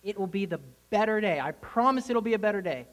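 A man preaching a casual, conversational sermon to a congregation, bursting into excited shouts. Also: high voice, fast talker, low-quality recording.

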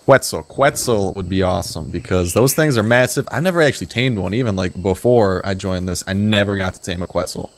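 A man's voice: sits low, fairly quick, hardly any pauses, slight background noise. A man joining a gameplay video as guest, goofy and playfully melodramatic. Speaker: guest player. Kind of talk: casual gameplay banter.

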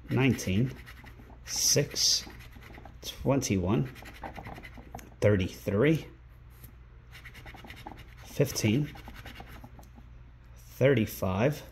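A man hosting a scratch-ticket vlog indoors at a rental home, calling out numbers one by one and breaking into excited exclamations. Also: mid-range voice, a little hiss or hum. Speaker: scratch-ticket channel host. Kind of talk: casual vlog narration while scratching tickets.

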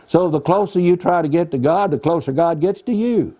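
A man's voice: a little high, brisk, dark tone. A man teaching the Bible in an earnest, folksy, plainspoken way, using homely examples. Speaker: preacher.

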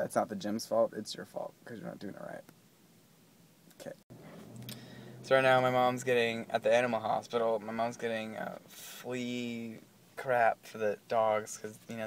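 A man with a sore, infected throat rambling through a comic vlog, cracking deadpan jokes and slipping into whispers. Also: fairly low pitch, a little hiss or hum. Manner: joking deadpan asides, drifting into whispers. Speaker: vlogger. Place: waiting outside an animal hospital.

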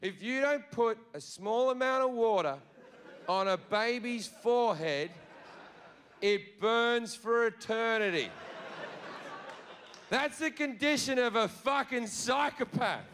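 A man's voice: very high voice, expressive, slow pace, fairly bright tone. A man with an Australian accent doing a profane, brash stand-up routine. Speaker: stand-up comedian.

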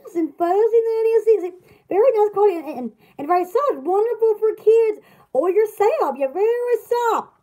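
A woman's voice: very high-pitched, lively intonation, normal speed, dark tone. A woman, chatting casually with viewers on a live stream from her store, giggly and rambling. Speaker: store owner.

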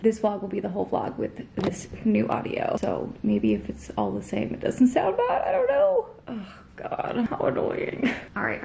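A woman's voice: medium pitch, creaky, background noise. A young woman vlogging at home in a chatty, giggly way, recorded on her camera's built-in microphone. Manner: chatty and giggly, rambling asides. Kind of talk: casual vlog chat. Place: at home, indoors. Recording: echoey room on a camera mic.

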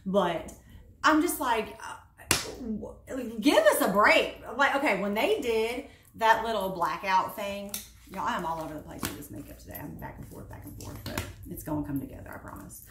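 A woman in her late thirties, a beauty vlogger, chatting casually while doing her makeup at home. She is animated and sarcastic as she vents. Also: medium pitch, normal speed, reverberant, noisy background. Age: 30s. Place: home room.

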